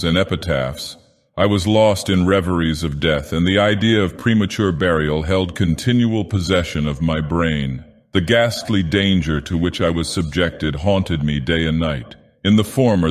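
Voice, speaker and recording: A man's voice: low-pitched, lightly acted. A man voicing a grandiose, menacing ancient god-villain as he narrates a horror tale solemnly. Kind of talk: dramatic horror reading. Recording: long reverb.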